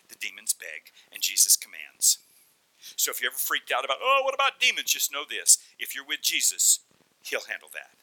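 Animated male preacher with a bright voice. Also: medium pitch, rough recording. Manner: animated storyteller, acts out voices. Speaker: pastor. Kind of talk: sermon.

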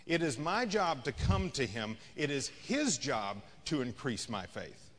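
A man's voice: mid-range voice, big pitch swings, measured pace, a bit bright, long reverb tail. A man preaching a sermon as a pastor, in a conversational style that rises and falls in intensity. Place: church sanctuary.

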